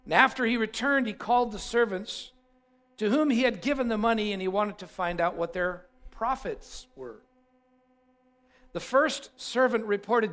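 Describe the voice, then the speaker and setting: Male pastor, high pitch, emphatic sermon storytelling. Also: normal speed. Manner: animated storytelling, repeats himself for emphasis.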